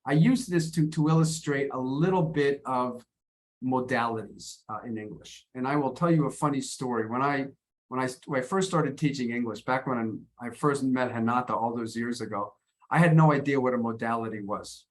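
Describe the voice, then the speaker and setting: An American man teaching English in an online lesson, explaining in a halting way and often repeating words. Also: mid-range voice, a little hiss or hum.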